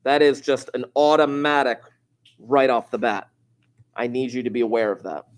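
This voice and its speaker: A man teaching a high school statistics class, casual and offhand, who slows down and repeats key points for emphasis. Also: fairly even intonation. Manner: informal, offhand asides. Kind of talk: classroom lecture.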